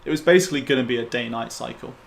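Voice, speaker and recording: A man's voice: mid-range voice, racing, gravelly. A man giving casual live-stream commentary on a game he helped make, rambling and offhand, with the odd swear word. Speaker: game developer commenting on his mod. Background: faint game music.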